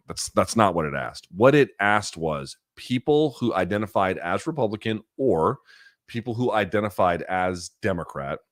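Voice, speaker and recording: A man hosting a live stream, chatting casually and answering viewer questions in quick, talkative bursts. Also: fairly low pitch, expressive, no room sound, studio quality. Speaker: host.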